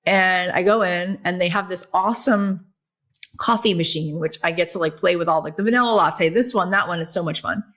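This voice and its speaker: Lower-voiced woman telling stories animatedly. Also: brisk. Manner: animated storyteller, many fillers like "like" and "right?". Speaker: guest, author and podcast host. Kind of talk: casual podcast conversation.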